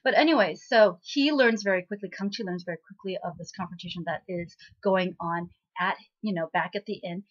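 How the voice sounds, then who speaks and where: A woman's voice: on the low side, a little fast, few pauses. A woman hosting a casual spoken recap of a drama episode, chatty and full of fillers and asides. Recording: slightly muffled lo-fi recording.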